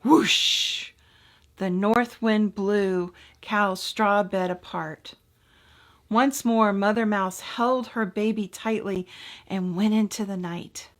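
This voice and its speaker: A woman minister reading a children's story aloud to her congregation with expressive, gentle delivery. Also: medium pitch, takes it slowly.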